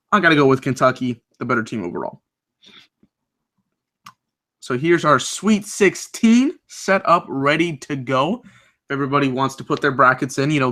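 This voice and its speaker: A young man talks sports on a video call, upbeat and chatty as he works through his picks. His voice is bright and forceful, sitting at an ordinary pitch for a man. He restarts his sentences now and then and keeps the tone easygoing. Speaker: co-host making bracket picks. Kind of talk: casual sports chat.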